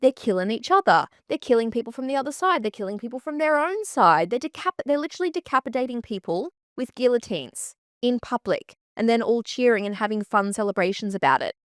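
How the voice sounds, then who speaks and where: A woman hosting a podcast, chatting in an animated way and swearing freely. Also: fairly high pitch, fairly quick, few pauses, dry recording, studio quality. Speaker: podcast host. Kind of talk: casual chat.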